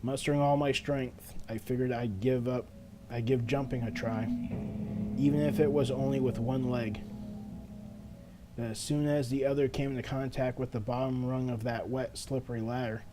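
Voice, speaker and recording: A man's voice: mid-range voice, fairly even intonation, normal speed, music in the background, natural voice. A man reading a game's first-person narration as a frightened teenage schoolgirl, earnest and desperate in tone. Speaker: let's player. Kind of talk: reading game text aloud.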